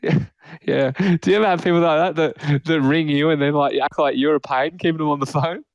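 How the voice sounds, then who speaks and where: A man's voice: fairly high pitch, fairly even intonation, a little fast, no echo, highs cut off. A young man co-hosting a casual podcast, rambling and laughing often, with the odd swear word. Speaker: podcast co-host. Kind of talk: casual chat.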